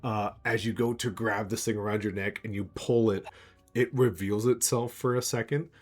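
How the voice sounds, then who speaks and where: A man's voice: lowish voice, fairly even intonation, moderate pace, slightly rough, faint music behind. Playful man running a tabletop game. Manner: playful, laughs often. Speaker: game master.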